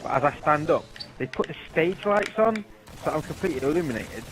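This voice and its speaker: A man's voice: fairly high pitch, animated, fairly quick, noisy background. A young British man casually telling stories while playing a game, laughing often and swearing freely. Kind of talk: casual chat over gameplay.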